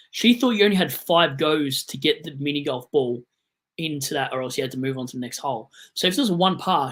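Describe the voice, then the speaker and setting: Young Aussie bloke, live-stream host, hyped, rambling, sudden loud bursts. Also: male voice, a little high, breathy edge. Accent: Australian. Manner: excitable, digressive, swings from loud bursts to mumbling asides. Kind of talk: casual live-stream chat.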